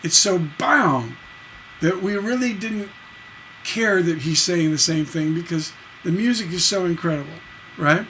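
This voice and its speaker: Enthusiastically teaching songwriting in a relaxed, chatty style, a man sings bits of melody and scats rhythms as he explains. His high-pitched voice is animated, measured, pushed and bright, with a little hiss or hum on the track.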